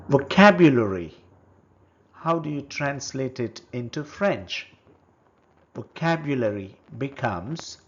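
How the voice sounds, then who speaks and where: A man whose first language is Telugu leads a step-by-step language lesson at a very slow, careful pace. He punches out each new word loudly and then says it again. His voice sits in a middle pitch, and the recording is a bit dull and lo-fi. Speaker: language teacher.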